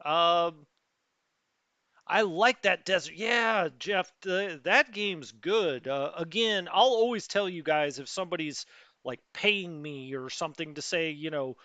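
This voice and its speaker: Bright-voiced middle-aged gaming host. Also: male voice, fairly high pitch, unhurried, no room sound. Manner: rambling and chatty, greeting viewers, many fillers. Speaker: let's play host. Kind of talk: casual live gameplay commentary. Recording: dry, slightly dull lo-fi sound.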